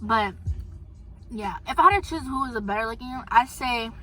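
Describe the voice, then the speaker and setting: A teenage girl with a high, bright voice talks casually to the camera. She gossips in a chatty, storytelling way. Faint music plays behind her. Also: moderate pace. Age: teens. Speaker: vlogger. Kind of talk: casual chat.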